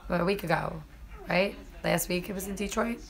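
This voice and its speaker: A woman's voice: on the low side, fairly even intonation, moderate pace. A young woman, chatting casually and cursing as she talks to viewers on a live stream. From New York.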